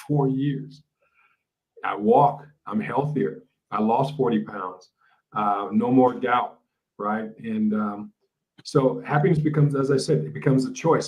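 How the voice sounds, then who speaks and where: A man speaking as a life coach guest in an interview, reflective and halting, with many fillers and restarts. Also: medium pitch, a little mellow, rough recording. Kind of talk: casual interview talk. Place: lives in a large city.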